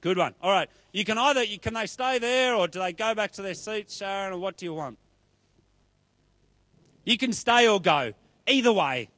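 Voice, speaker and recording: A man's voice: high voice, expressive, normal speed, long pauses, bright, forceful tone, dry recording. A man giving a playful, chatty talk to children at church. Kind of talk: children's talk with audience play.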